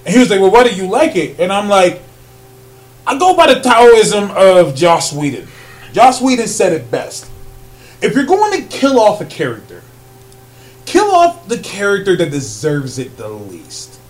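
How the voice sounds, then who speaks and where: A man co-hosting a casual podcast chat, animated, laughing often and filling pauses with ums. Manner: rises loud and high when excited. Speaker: podcast co-host.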